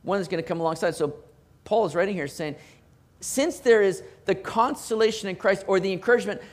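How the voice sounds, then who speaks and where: Animated preaching man. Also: high voice, brisk. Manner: animated, with emphatic rising bursts and repeated words. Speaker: pastor. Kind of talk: sermon.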